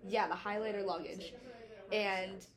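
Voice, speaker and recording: A woman's voice: mid-range voice, fairly even intonation, unhurried, a crowd in the background. A young adult woman hosting a podcast in casual chat, talking freely with lots of swearing and filler words. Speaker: podcast host.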